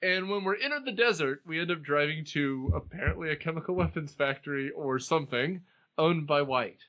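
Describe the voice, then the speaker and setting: A man's voice: fairly high pitch, fairly quick, sharp tone, dull audio. A man hosting a podcast, casually recapping a film in a rambling way and often laughing at his own jokes. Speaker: podcast host.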